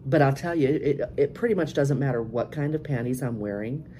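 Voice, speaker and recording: A woman's voice: rumbling low, brisk, mellow, slight background noise. A middle-aged woman hosting a live-stream podcast, chatting frankly and laughing often as she answers viewers. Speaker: cam show podcast host. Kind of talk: casual live-stream chat reading viewer messages.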